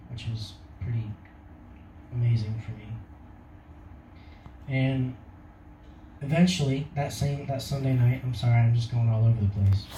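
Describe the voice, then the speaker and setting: A man's voice: mid-range voice, warm tone, roomy sound, distant mic, highs cut off, a little hiss or hum. Young man giving a rambling testimony. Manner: rambling, casual, laughs often. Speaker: testimony speaker. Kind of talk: personal testimony.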